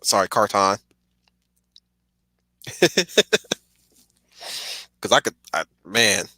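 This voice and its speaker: Male streamer, excitable and digressive, bright tone, dry close sound. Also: fairly low pitch, extremely slow, dry recording. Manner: excitable, digressive, laughs often. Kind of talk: casual rambling commentary.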